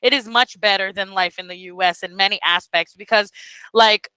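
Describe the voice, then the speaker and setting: In Brazil, a woman mentors beginner teachers in a casual online session, speaking bluntly and emphatically with profanity and Portuguese phrases mixed in. Her medium-pitched voice is steady, moderately paced, pushed and bright, and smooth. The recording is dry but low quality.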